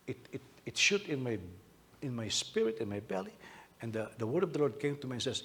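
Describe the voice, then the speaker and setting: A man pastor from the Philippines preaching a sermon, animated, with many repetitions and rhetorical questions. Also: on the high side, quick pace.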